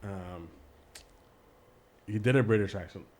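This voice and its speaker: A man co-hosting a podcast in casual chat, rambling and giggly, with halting phrases. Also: fairly low pitch. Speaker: podcast co-host.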